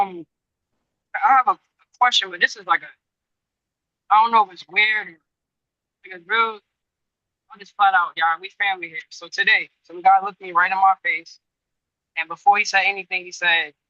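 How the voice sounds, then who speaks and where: Bright, crisp-voiced man rambling a story. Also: sits high, steady tone, moderate pace, long pauses, dry recording, dull audio. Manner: rambling, frequent restarts, addresses listeners directly. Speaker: Muay Thai gym trainer. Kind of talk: casual storytelling to a group.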